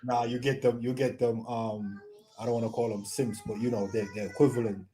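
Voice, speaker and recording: A man co-hosts a relaxed football chat. He tells stories in a playful, slangy way and slips into voices for the people he quotes. His pitch sits in the middle range for a man. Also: a little fast. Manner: playful storyteller, acts out quotes. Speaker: co-host.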